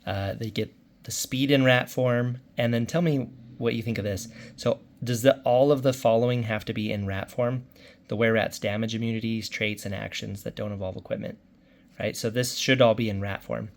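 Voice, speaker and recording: Man, middle-aged, dungeon master, casual recap, chatty, rambling, self-deprecating, mid-pitched voice. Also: fairly even intonation, normal speed, gravelly. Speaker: dungeon master recapping his son's game.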